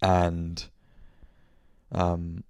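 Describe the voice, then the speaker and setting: A man's voice: deep voice, completely flat delivery, very slow, a little mellow, smooth, dry recording, clean studio sound. A young man telling a rambling story on his podcast, swearing and correcting himself as he goes. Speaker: podcast host. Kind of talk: casual monthly check-in chat.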